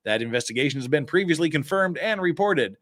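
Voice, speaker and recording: A man from Utah, with the accent to match, hosts a casual live stream. He reads news articles aloud in a fairly high voice and cuts in with sarcastic remarks. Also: lively intonation, quick pace, a bit bright. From Cache Valley, Utah. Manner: sarcastic asides while reading news aloud. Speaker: host.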